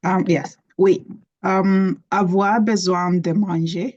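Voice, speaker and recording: Woman student, slow and flat, says um a lot, muffled call sound. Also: mid-range voice. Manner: hesitant, starts with um.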